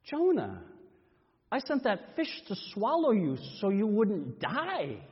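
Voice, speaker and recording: A man voicing God as a patient, gentle male deity who explains quietly. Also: sits high, wildly swooping pitch, takes it slowly, breathy edge, exaggerated voice. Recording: dull reverberant church recording.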